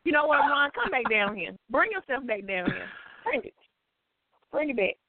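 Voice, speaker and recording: A woman's voice: high voice, fairly quick, a crowd in the background. Drawling Southern woman, phone-like sound. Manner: animated, drawling storyteller. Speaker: guest. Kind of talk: casual chat.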